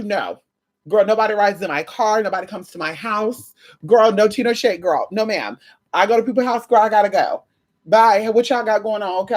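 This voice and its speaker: A woman chatting casually to camera about spiritual energy. She swears freely and acts out conversations with sudden high jumps in pitch. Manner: animated, profane, acts out quoted exchanges with big pitch jumps. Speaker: spiritual vlogger.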